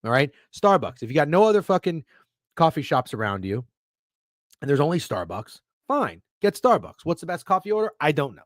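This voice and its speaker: A man's voice: fairly high pitch, sing-song, brisk, no room sound, clean studio sound. A man hosting a sports betting live stream, ranting with heavy swearing and sarcasm while reading out chat messages. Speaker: sports betting show host.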